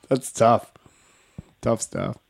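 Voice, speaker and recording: A man's voice: mid-range voice, drawn-out words, gravelly, no room sound, clean studio sound. A man hosting a podcast, chatting casually and laughing along with playful asides. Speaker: podcast host.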